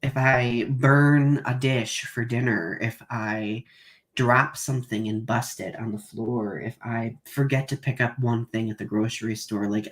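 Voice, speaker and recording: A young adult man hosting a live podcast in casual chat, talking haltingly with many restarts. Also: mid-range voice, a bit bright, a little hiss or hum. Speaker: podcast host.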